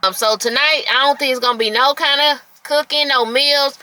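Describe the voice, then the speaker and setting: A woman, chatting excitedly to viewers while filming a casual vlog outdoors and in a store. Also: sits high, moderate pace, poor audio. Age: late 30s. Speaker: vlogger. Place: outdoors, then inside a discount store. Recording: music playing behind her.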